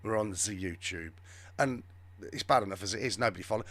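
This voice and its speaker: A man's voice: on the low side, brisk, a bit bright, no echo. A man hosting a live show, giving rambling, sarcastic, off-the-cuff commentary on the news. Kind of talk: live political commentary chat.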